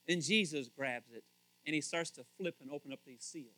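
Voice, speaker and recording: A man preaching a casual, conversational sermon as pastor, animated and questioning his listeners. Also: fairly high pitch, brisk, no room sound, low-quality recording. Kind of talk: casual sermon, Bible teaching.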